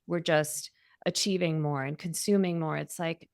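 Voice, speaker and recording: A woman's voice: low voice, steady tone, normal speed, vocal fry, no room sound, studio quality. A woman hosting a podcast, speaking in a thoughtful, reflective way. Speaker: podcast host. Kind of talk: casual interview talk.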